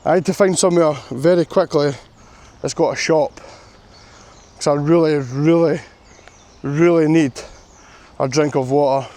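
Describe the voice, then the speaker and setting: Man, vlogger, worn out outdoors, fairly high pitch, chatty and self-mocking. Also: steady tone, unhurried, long pauses, mellow. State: tired and sore from long walk. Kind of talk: walking vlog to camera. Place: outdoors on a coastal path.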